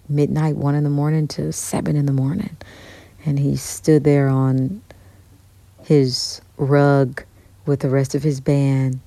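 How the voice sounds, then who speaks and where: A woman guest telling an animated story in an interview, acting out the dialogue she quotes. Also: rumbling low, no room sound. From United States. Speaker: guest musician.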